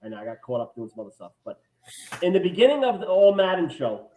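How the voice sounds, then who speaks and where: High voiced podcast guy, super animated, roomy echo on the mic. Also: fast, phone-quality sound. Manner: lively, chatty, eager to chime in. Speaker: podcast co-host. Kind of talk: casual chat. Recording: echoey room.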